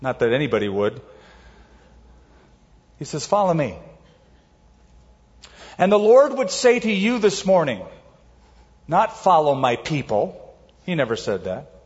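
A man preaching a sermon as pastor, emphatic, varying his pace and slowing words down for stress. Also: a little high, wildly swooping pitch, darkish tone, in a large hall, muffled recording.

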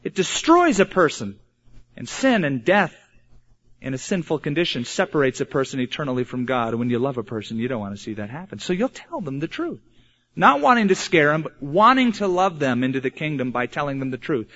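A man preaching an earnest sermon, slowing down hard for emphasis. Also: on the high side, big pitch swings, fairly bright tone. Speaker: pastor. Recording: dull lo-fi sermon recording.

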